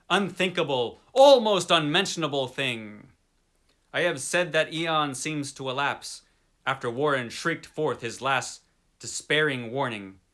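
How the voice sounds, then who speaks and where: A man giving a dramatic, theatrical reading of a horror story. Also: medium pitch. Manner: expressive, theatrical delivery. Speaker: story reader.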